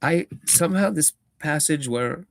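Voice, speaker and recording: A man reading a fantasy novel aloud, stopping for relaxed, conversational, self-deprecating asides. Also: a little high, measured pace, vocal fry. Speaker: audiobook reader.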